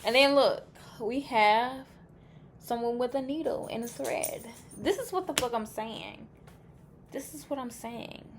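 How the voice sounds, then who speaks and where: A woman reads tarot cards in a loose, chatty way, cracking jokes and swearing as she reacts to each card. Her voice sits fairly high, and she draws out her words at an unhurried, very slow pace. A faint hiss of noise runs underneath. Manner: chatty and blunt, swears freely, jokes with the viewer. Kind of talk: casual pick-a-card tarot reading.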